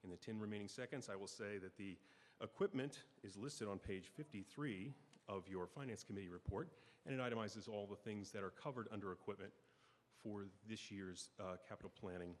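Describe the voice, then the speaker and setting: Low-voiced official in an echoey hall. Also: male voice, fairly quick. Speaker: town official presenting an article. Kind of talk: formal presentation. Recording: hall reverb with faint room noise.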